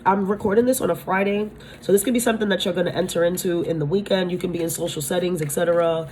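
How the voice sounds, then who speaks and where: A woman's voice: lowish voice, a little mellow, slight background noise. A woman giving a spiritual tarot-style reading, talking bluntly, swearing freely and often asking her listeners if they understand. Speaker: tarot reader.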